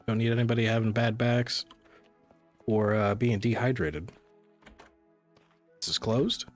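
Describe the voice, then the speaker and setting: A man's voice: mid-range voice, fairly even intonation, unhurried, soft background music. A man streaming a cozy game, chatting casually and rambling to his viewers. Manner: rambling, chatty, talks to chat. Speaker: gaming streamer. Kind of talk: casual live-stream chat.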